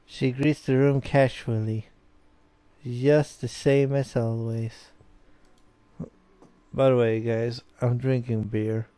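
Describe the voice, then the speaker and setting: A man's voice: mid-range voice, level tone, slow, long pauses, warm tone, no room sound. A young man, a bit tipsy, rambling casually as he plays and reads a visual novel aloud. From Sweden. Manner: rambling and casual, with many fillers. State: tipsy from beer. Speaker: gaming video host. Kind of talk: let's play commentary, reading a visual novel aloud.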